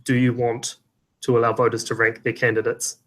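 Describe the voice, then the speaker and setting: A man on a casual election panel, walking through a ballot measure. He explains loosely and trails off with offhand filler. He speaks at a middle pitch. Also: monotone, fairly quick, fairly bright tone, low-quality recording.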